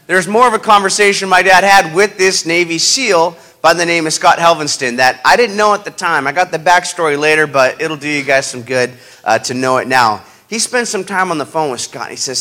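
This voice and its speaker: A man recounts a personal story in the style of a motivational speaker. His voice sits a little high and has a bright, forceful edge. He tells it in an animated, dramatic way that keeps building the tension. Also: moderate pace.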